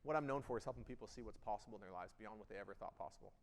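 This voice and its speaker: A man giving an energetic keynote speech, emphatic, jumping between loud bursts and quiet intensity. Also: on the low side, rapid-fire. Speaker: keynote speaker. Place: event hall. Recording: long hall reverb.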